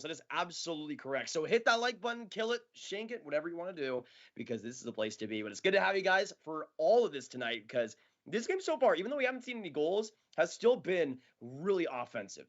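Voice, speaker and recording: A chatty, excitable man hosting a live watch-along, talking casually over the action and laughing often. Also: fairly high pitch, muffled recording.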